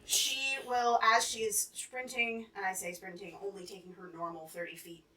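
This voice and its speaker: Woman player at a dnd table, bright voice, swears a lot, sounds kinda far off in an echoey room. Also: medium pitch, steady tone, moderate pace. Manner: chatty, swears casually, asks rules questions. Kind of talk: tabletop game play. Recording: roomy, from off-mic.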